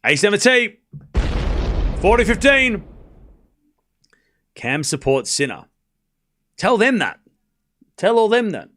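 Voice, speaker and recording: A high, bright-voiced man runs a live tennis watchalong stream, switching between quick point-by-point calls and sarcastic asides to his chat. His pitch swings widely as the rallies build. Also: sing-song. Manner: rapid play-by-play calls. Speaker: stream host and commentator.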